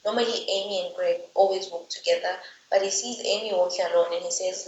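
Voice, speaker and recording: A book reviewer casually recaps a book's plot and rants about its characters, chatty and full of "like" and exasperated asides. Her voice is on the low side, steady, brisk and a little mellow. The recording is roomy and slightly dull, with a little hiss or hum.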